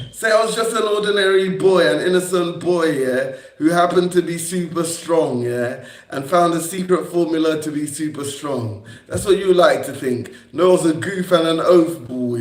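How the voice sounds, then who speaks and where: A young man on a livestream, rambling and confrontational, repeating himself and swearing at his critics. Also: fairly high pitch. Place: indoor room on a livestream. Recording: echoey room.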